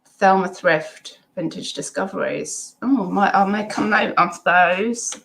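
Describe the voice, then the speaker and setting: A woman's voice: medium pitch, slow pace, gravelly, fairly bright tone. A middle-aged woman, hosting a casual live stream at home, reading chat comments and rambling with many ums and asides.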